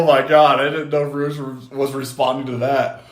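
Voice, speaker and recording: A man at home talks to his chat over a phone mic, in an animated, loose way. He swears casually and reads viewers' comments aloud, replying as he goes. His pitch is average for a man. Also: moderate pace. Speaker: streamer. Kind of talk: casual live-stream chat.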